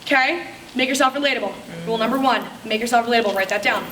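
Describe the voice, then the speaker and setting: A high, bright-voiced woman speaks to a summit crowd in a lively, chatty way and slips into playful bits of party small talk. She is heard from a distance across a roomy hall with echo, and there is a faint hum of ambience behind her. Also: rapid-fire. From upstate New York. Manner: chatty and upbeat, acts out party small talk, laughs often. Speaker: direct sales speaker at a summit. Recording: echoey hall, mic from a distance.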